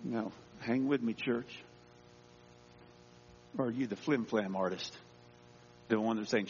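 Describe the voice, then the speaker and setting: A man's voice: high voice, lively intonation, measured pace, pauses often, husky. A man preaching a sermon as pastor, reading scripture aloud and dramatically acting out the voices in it. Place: church. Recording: dull echoey church sound.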